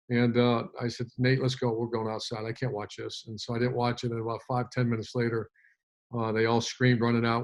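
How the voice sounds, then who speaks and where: Middle-aged coach guy telling a long story, keeps restarting sentences, mid-pitch voice. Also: moderate pace, muffled recording. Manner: animated storyteller with many restarts. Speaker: football coach guest. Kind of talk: storytelling in a casual interview.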